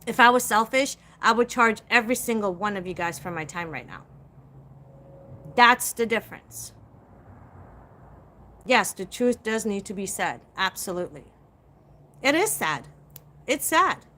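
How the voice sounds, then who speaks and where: A woman's voice: medium pitch, lively intonation, a little slow, long pauses, bright, forceful tone. A middle-aged woman hosting a live stream, talking straight to her viewers in a blunt, profane, emphatic rant. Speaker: psychic livestream host.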